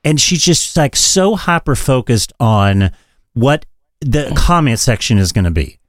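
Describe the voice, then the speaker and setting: A man's voice: mid-range voice, sing-song, measured pace, no echo. Profane, ranting male podcast host. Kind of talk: casual chat. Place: London home studio.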